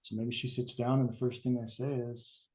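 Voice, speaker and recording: A man's voice: medium pitch, little pitch movement, moderate pace, mellow. A man teaching about relationships in an earnest, emphatic way, sharing his own story and swearing casually. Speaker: relationship coach. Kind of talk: personal teaching talk.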